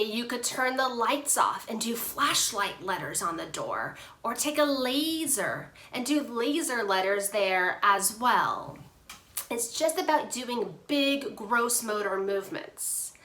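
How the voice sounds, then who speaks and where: A woman occupational therapist with a high, bright voice walks parents through a handwriting lesson at a relaxed pace. She talks straight to the viewers in an animated, playful way. The room adds an echo around her voice. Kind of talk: instructional video for parents. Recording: roomy echo.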